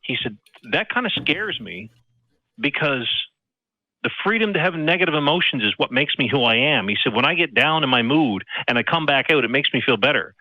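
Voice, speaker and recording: A man with a Newfoundland accent calling in to a show, speaking haltingly with many restarts and repeated words. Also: mid-range voice, lively intonation, no room sound. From Newfoundland and Labrador. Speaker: caller. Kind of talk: casual phone-in chat. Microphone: phone or computer call. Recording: dull, muffled line.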